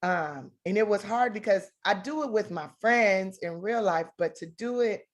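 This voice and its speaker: A woman in her thirties, an actress being interviewed on a talk show, telling stories in a comedic, expressive way. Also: mid-range voice, normal speed. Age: 30s. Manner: comedic, expressive storyteller acting out quotes. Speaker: actress, guest.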